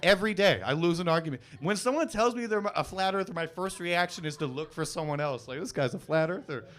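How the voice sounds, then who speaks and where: Young man doing deadpan stand-up. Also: high voice. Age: 20s. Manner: deadpan, self-mocking, quick asides to the crowd. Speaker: comedy show host. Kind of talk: live stand-up crowd work. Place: comedy club stage.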